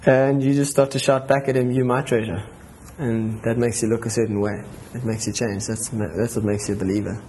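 A man's voice: medium pitch, little pitch movement, brisk, few pauses, warm tone, slight background noise. A man giving an informal, enthusiastic talk at a church gathering. He rambles, restarts his sentences and laughs between them.

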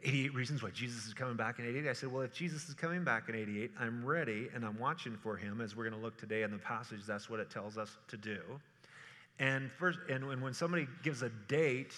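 A man preaching a sermon, telling stories with animated energy and acting out quotes in playful voices. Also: medium pitch, quick pace. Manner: animated storytelling, acts out quotes in funny voices. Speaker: pastor. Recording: reverberant hall.

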